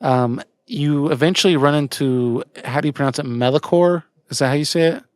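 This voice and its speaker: A man co-hosting a podcast, talking about a video game in a loose, halting way with many fillers and restarts. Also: fairly high pitch, no room sound, clean studio sound. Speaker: podcast co-host. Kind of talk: casual game discussion.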